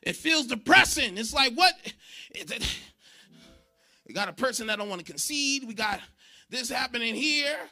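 A man preaching a sermon in church, animated and shouting for emphasis. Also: extremely high pitch, normal speed, pauses often, soft background music. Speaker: pastor.

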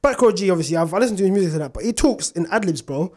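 Fast-talking young man. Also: sits high. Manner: fast, animated slang-heavy talk. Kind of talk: casual chat.

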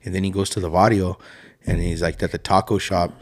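A man's voice: low voice, little pitch movement, fairly quick. A man co-hosting a podcast in casual chat, blunt and opinionated, swearing freely. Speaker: podcast co-host.

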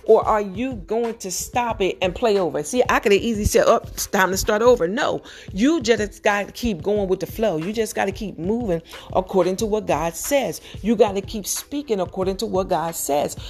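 This woman's mid-range voice carries a slight mellowness as she preaches a podcast sermon. She urges her listeners on with a rapid string of rhetorical questions, building to emphatic and urgent peaks.

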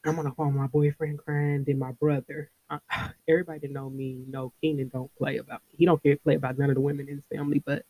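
A woman's voice: low-pitched, little pitch movement, fast talker, mellow. A woman in her thirties tells a personal story to her podcast listeners in a loose, chatty way. Her voice rises and falls a lot, and she laughs often as she talks. The sound is dry and close, with no room echo. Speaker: podcast host.

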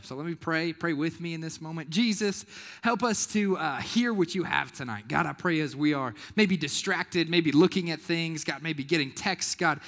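A man's voice: fairly high pitch, sharp tone. A male pastor, preaching a casual youth sermon and calling the crowd to respond. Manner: casual and playful. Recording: long hall reverb.

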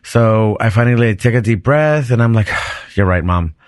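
A man hosting a podcast, telling a personal story in an animated, chatty way with frequent restarts. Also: lowish voice, normal speed, clean tone, no room sound, studio quality. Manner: animated, chatty, restarts sentences and laughs often. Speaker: podcast host. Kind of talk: casual storytelling.

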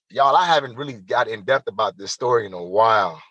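Bright-voiced man telling an emphatic story. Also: fairly low pitch, a little fast, hardly any pauses, no echo, poor audio. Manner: animated, emphatic storyteller who addresses listeners directly. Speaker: guest. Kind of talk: personal story told in an interview.

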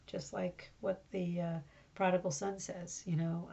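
A woman's voice: on the low side, fairly even intonation, moderate pace, gravelly, mellow, muffled recording, a little hiss or hum. A woman hosting a casual Bible teaching podcast from home, talking in a rambling, conversational way with many fillers. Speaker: podcast host.

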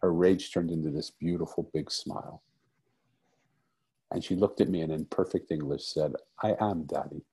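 A man's voice: a bass voice, steady tone, normal speed, pauses often, mellow, breathy edge. A middle-aged man telling a personal story as an interview guest, earnest and reflective, repeating phrases for emphasis. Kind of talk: conversational storytelling.

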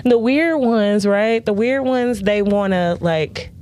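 A woman co-hosting a podcast, chatting casually, animated and laughing often, acting out other people's voices. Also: mid-range voice, slow pace. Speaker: podcast co-host. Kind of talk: casual chat.

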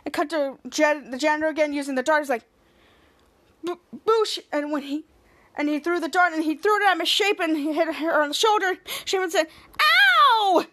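A woman's voice: sits high, fairly even intonation, fast, fairly bright tone. A woman hosting a podcast, casually recapping a TV episode in a rambling, play-by-play way with frequent restarts. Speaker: podcast host.

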